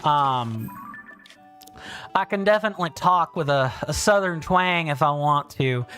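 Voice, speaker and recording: A man in his thirties from South Carolina, US, with a British-sounding accent, hosts a casual game livestream over soft background music. His slightly high, sharp voice has lively intonation and a measured pace as he reads chat in a rambling, friendly way full of fillers and restarts.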